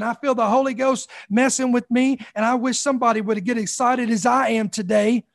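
A man's voice: very high-pitched, fairly even intonation, brisk, vocal fry, few pauses. A man preaching a sermon with fervor, building up repeated phrases and calling out "come on" to the congregation. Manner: fervent, repetitive preaching with calls of "come on".

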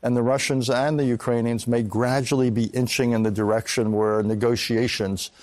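Measured older male foreign policy analyst. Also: mid-range voice, little pitch movement, a little mellow. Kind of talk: live news interview.

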